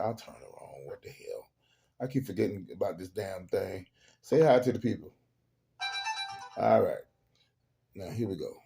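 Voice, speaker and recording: A man hosting a show, telling family stories in a casual, animated and emphatic way with salty humor. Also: lowish voice, creaky. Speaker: host. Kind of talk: casual storytelling monologue.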